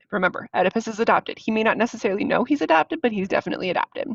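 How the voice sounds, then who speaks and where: Woman teacher walking through a play, casual and slangy, gravelly tone, dry dull recording. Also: medium pitch, expressive, very fast, dry recording. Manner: casual, slangy, chatty asides. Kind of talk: explaining a play while reading it aloud.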